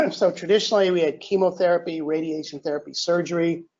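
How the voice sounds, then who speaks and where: An older male lecturer with a somewhat high voice speaks at a podium mic in a lecture hall. He talks in a relaxed, self-deprecating way, clears his throat often and restarts sentences. The recording sounds dull and lo-fi. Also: quick pace. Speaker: invited lecturer. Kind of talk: academic lecture. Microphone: handheld or podium mic.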